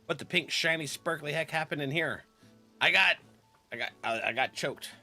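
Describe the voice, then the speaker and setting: Bright-voiced chatty male streamer. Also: on the high side, moderate pace, faint music behind. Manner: chatty, laughs often between remarks; greets viewers by name. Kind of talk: casual live-stream chat.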